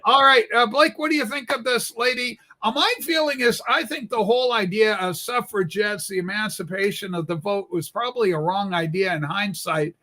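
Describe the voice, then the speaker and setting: A man co-hosting a political livestream, mocking and profane, talking loudly in crude banter. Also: sits high, normal speed, few pauses.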